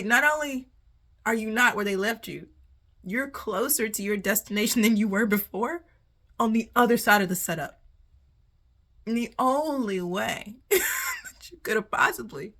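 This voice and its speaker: Animated, laughing woman tarot reader. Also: on the high side. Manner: animated, laughing often, swearing freely. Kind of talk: casual tarot reading to viewers.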